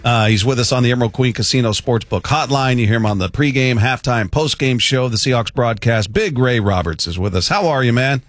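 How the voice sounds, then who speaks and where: A man's voice: mid-range voice, a little fast, hardly any pauses, a bit bright, no echo. A man co-hosting a sports radio show, chatting casually and laughing often into a studio mic.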